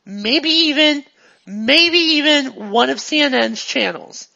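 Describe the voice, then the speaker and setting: A game master voicing an excitable, pushy female TV star who gushes and swings between loud and hushed. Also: sits high, takes it slowly, gravelly, lo-fi sound, voice pushed up, heavily acted. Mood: gushing. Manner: gushing, jumps from excited to hushed.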